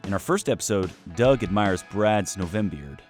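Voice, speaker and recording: A man, the show's producer, reading a podcast introduction in a relaxed way. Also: low voice, normal speed, soft background music. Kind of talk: show intro.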